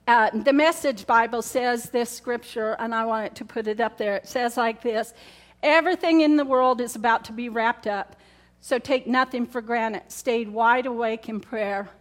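A woman pastor preaching a sermon to her congregation in a chatty way, repeating key words and asking the room questions. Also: on the high side. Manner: conversational, repetitive, asks the congregation questions. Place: church in front of a congregation.

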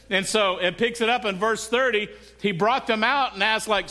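A man's voice: high-pitched, brisk, few pauses, bright, forceful tone. A male pastor preaching a sermon in a conversational way, often asking the congregation questions.

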